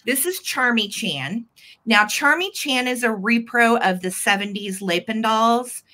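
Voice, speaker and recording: Woman running a live vintage sale, super chatty n gushy, bright voice. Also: fairly high pitch, lively intonation, a little slow. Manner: chatty and gushing, fond little words. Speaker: host selling vintage items live. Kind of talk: live sale chat, describing items.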